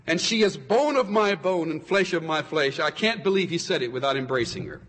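High, lively male preacher in a hall. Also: a little fast, few pauses. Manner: expressive preaching, swinging from soaring to hushed. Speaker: pastor. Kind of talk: sermon.

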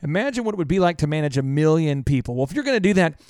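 A man's voice: on the high side, racing, no room sound, clean studio sound. A middle-aged man hosting a business talk show, telling stories with energy and acting out the people he quotes. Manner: animated storyteller, acts out quoted people. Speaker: business podcast host.

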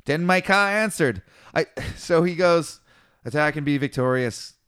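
A man's voice: a little high, lively intonation, a little slow, fairly bright tone, clean tone. A man casually reading a scripture passage aloud and retelling it in slangy, swearing asides, mimicking the figures. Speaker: podcast co-host reading scripture.

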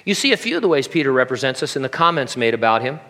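A pastor preaching a sermon in a conversational way, with jokey asides. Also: male voice, mid-range voice, sing-song, very fast, sharp tone.

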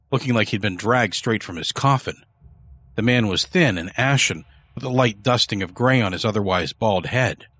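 A man giving a measured, dramatic scripted narration of a horror story. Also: on the low side, a bit bright.

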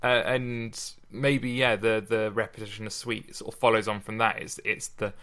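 A man with a bright, clear tone, casually discussing poetry as a podcast host. He thinks aloud, stopping and restarting his sentences as he goes. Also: on the low side, flat delivery. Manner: thoughtful, halting, with many restarts.

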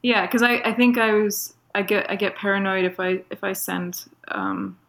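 A woman's voice: mid-range voice, steady tone, normal speed, a bit bright. A woman from Toronto with a Canadian accent, a guest chatting casually and giggly in an interview, with lots of fillers.

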